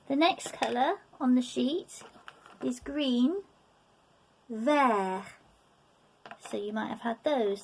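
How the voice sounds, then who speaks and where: This French teacher's voice sits high and is a little mellow, with slight background noise. A middle-aged woman at a table in a room, she gives a beginners' lesson, patiently repeating words slowly and checking in with "okay?" again and again.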